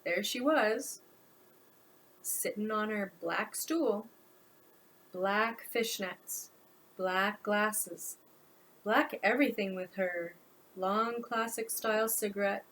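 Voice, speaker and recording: A woman's voice: mid-range voice, slow, fairly bright tone, slight background noise, rough recording. A woman author narrating her own audiobook in an informal storytelling manner.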